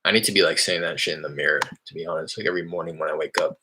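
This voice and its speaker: A man casually explaining real estate cold calls, rambling and candid, with an upbeat questioning pitch on the phone. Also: steady tone, racing, pushed and bright, husky. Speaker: real estate wholesaler cold calling sellers.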